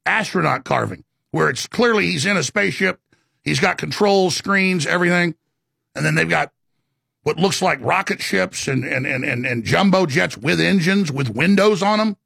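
Gravelly, husky-voiced man ranting. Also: a little high, expressive, fairly bright tone, no echo, clean studio sound. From Texas. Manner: ranting, rapid and repetitive. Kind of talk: impassioned monologue.

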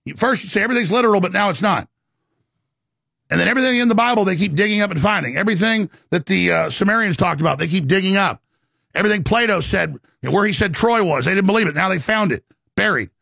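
A man's voice: high voice, lively intonation, fast, gravelly, pushed and bright, breathy edge, no room sound, clean studio sound. A man hosting a talk show, delivering an impassioned, rambling monologue with emphatic stresses and many stammered restarts.

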